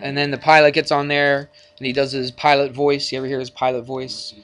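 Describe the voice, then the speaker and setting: A man's voice: mid-range voice, little pitch movement, brisk, fairly bright tone, smooth. A male math teacher lecturing a class in a classroom, chatty and jokey, bantering with his students.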